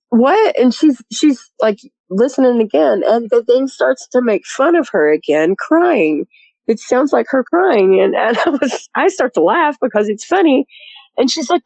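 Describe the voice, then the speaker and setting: A woman's voice: on the high side, vocal fry, darkish tone, no room sound, low-quality recording. A woman telling her story as a guest in a rambling, chatty way, full of "you know" and laughs. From rural area. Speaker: guest recounting a sighting. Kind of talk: casual storytelling.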